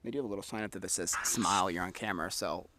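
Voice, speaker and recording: A man's voice: low voice, rapid-fire, background noise. A man hosting a ghost hunting vlog, talking casually and with wry jokes on location at an outdoor grave site. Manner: wry, joking, offhand.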